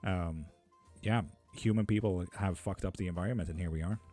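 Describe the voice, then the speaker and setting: A man's voice: low-pitched, a little fast, warm tone, faint music behind. Sweary, chatty man streaming tarot. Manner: sweary, chatty, laughing often. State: hot and sticky. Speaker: livestream tarot reader. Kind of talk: casual live-stream chat, reading comments.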